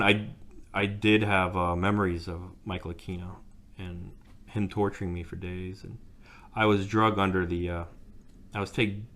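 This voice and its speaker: Low-voiced man recalling haltingly. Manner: halting, searching for words. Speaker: interview guest. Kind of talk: recounting memories.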